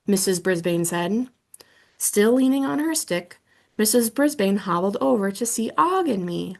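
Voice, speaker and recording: Slow, gravelly woman reading a children's book. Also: medium pitch. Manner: expressive storytelling, first person. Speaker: audiobook reader.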